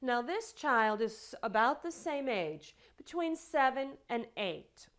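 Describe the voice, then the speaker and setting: A woman lecturing a class on child development, telling examples with animated quoted dialogue. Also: fairly high pitch, slow pace. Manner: storytelling with acted quotes, animated delivery.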